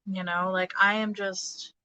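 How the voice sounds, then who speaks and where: A woman in her thirties giving a casual tarot reading, halting and hesitant, with many fillers and restarts. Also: mid-range voice, little pitch movement, pushed and bright, smooth, rough recording. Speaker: tarot reader.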